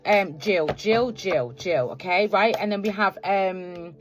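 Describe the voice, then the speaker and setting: A woman's voice: medium pitch, takes it slowly. A woman giving a spiritual tarot reading to viewers, ending almost every phrase with "okay? right?" and calling them "collective". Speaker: tarot card reader.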